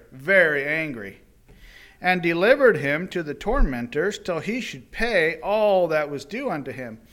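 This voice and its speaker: A male preacher giving a sermon, retelling a parable in animated, dramatic storytelling. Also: on the high side.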